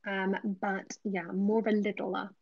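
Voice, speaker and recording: A young woman hosting a relaxed livestream, answering chat questions in a chatty voice that slips into soft whispers. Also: medium pitch, a little slow, no room sound, muffled recording. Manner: chatty, drifting between normal voice and soft whispers. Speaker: ASMR livestream host.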